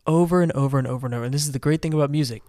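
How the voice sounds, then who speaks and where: A man's voice: fairly high pitch, very fast, a little mellow, dry recording, clean studio sound. A man co-hosting a casual podcast about music, talking eagerly and rambling, with lots of restarts and fillers. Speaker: podcast co-host.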